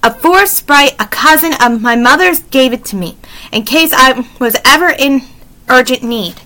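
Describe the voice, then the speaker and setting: A woman's voice: high-pitched, expressive, moderate pace, pushed and bright. Teddy, a formal young sorcerer, read by a woman. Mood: earnest. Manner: old-fashioned formal speech. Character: young male sorcerer apprentice, formal, confident.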